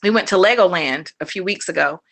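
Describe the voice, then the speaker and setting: A woman who is a homeschooling mother, talking as a guest in a relaxed interview. Her voice sits low, but her tone is bright and edgy. She rambles through fillers and false starts, laughs easily, and acts out other people's words as she tells stories. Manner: rambling and animated, full of fillers, restarts and quick laughs; acts out her kids' lines in a raised voice. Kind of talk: casual interview chat.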